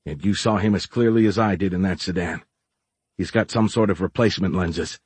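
A man's voice: low-pitched, fairly quick, slightly rough, dry recording. A man voicing a blunt, scornful woman. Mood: dry. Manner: sharp, challenging retorts.

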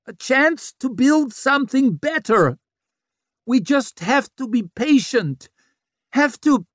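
A woman's voice: high-pitched, animated, slow, no echo, studio quality, voice pushed up, heavily acted. A man voicing a hard-bitten, weary female police chief inspector who talks bluntly and swears. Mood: pleading. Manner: blunt and profane.

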